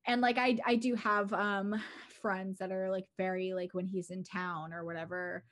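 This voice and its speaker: A woman's voice: medium pitch, level tone, moderate pace, a bit bright. A woman co-hosting an entertainment podcast, chatting casually and rambling with constant fillers. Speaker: podcast co-host. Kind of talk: casual chat.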